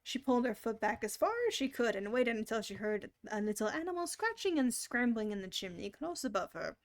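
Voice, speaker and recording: A woman reading a children's book aloud on a stream in an expressive, animated way. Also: a little high, brisk. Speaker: storyteller.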